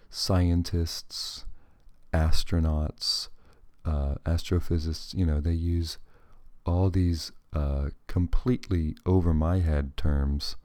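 Very deep-voiced rambling podcast man. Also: warm tone, no room sound, clean studio sound. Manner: rambling, digressive, self-deprecating. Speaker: podcast host. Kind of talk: casual solo podcast monologue.

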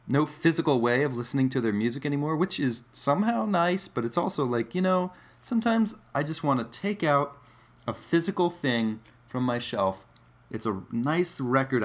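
A man's voice: medium pitch, expressive, moderate pace. A man musing in a casual, rambling monologue, wry and digressive, with many fillers.

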